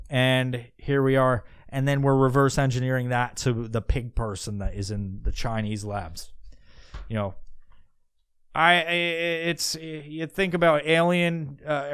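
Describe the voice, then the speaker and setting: A man thinking out loud in a loose, wandering podcast monologue, swearing freely and stopping to restart his sentences. His voice is smooth and resonant. The sound is close and dry, with no room around it. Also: mid-range voice, no echo. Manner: meandering, profane, musing aloud with many restarts. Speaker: podcast host. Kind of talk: casual rambling monologue.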